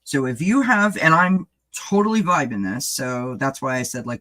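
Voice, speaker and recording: A man's voice: medium pitch, normal speed, bright, forceful tone. A man giving a casual live-stream tarot reading, chatting loosely and addressing viewers by name as he rambles and restarts thoughts. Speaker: tarot reader.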